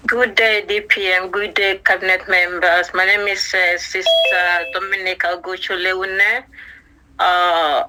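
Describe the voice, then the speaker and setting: A woman's voice: lowish voice, flat delivery, unhurried, background noise. A woman formally introducing herself as a department head in a meeting.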